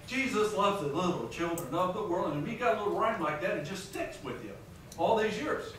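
A man's voice: high-pitched, lively intonation, normal speed, pushed and bright. A man preaching a sermon as pastor, reading scripture aloud and putting questions to his congregation. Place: large conference hall. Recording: echoey hall, distant mic, faint noise.

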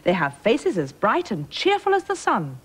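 A woman's voice: medium pitch, huge pitch swings, normal speed, breathy edge, pitched above the performer's own voice, rough recording. A woman voicing a pompous, stubborn storybook king who blusters and splutters.

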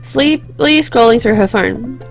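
A woman's voice: on the high side, measured pace, faint music behind. A young woman hosting a let's play, reading a visual novel aloud with chatty, reflective asides.

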